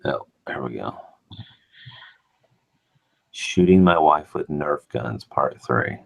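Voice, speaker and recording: A man's voice: extremely low pitch, expressive, takes it slowly, vocal fry, slight background noise. A man hosting a live morning stream, chatting casually and joking with a laid-back manner. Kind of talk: casual chat.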